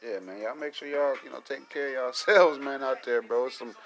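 A man's voice: medium pitch, a little fast, a bit bright, soft background music. A young adult man, ranting casually to his viewers with lots of swearing and laughter. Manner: profane, rambling, laughs often. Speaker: vlogger.

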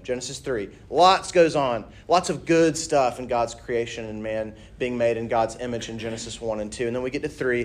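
Casual, storytelling campus minister. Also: male voice, medium pitch. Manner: conversational, animated storytelling with light humor. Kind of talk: sermon.

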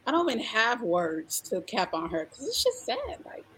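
A woman's voice: on the high side, wildly swooping pitch, moderate pace, noisy background. A woman co-hosting a casual wrestling chat, blunt, profane and mocking. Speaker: podcast co-host.

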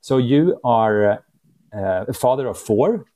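A man's voice: mid-range voice, expressive, takes it slowly, dark tone. A man hosting a podcast interview, speaking in an earnest, encouraging way. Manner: earnest, encouraging, uses metaphors. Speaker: podcast host. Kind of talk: interview conversation.

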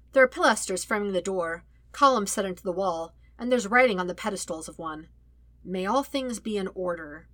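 A woman narrating a fan-fiction audiobook with a lively, wry storytelling manner. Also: mid-range voice, dry recording. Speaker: audiobook reader.

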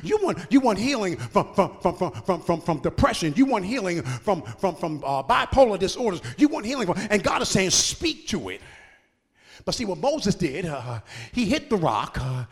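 High, lively-voiced preacher man in a hall. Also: moderate pace. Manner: folksy, playful, bantering with the congregation; laughs between phrases. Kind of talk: sermon.

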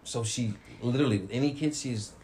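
A man's voice: mid-range voice, fairly quick, a little mellow, breathy edge. A man, a father, talking in casual chat and explaining his views with conviction. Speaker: podcast co-host, father.

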